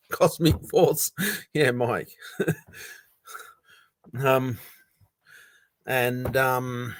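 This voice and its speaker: Male streamer, relaxed rambling chat, mid-range voice, dry close sound. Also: medium pitch, dry recording. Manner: rambling, chatty, reads viewer comments aloud. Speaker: livestream host. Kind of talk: casual livestream chat.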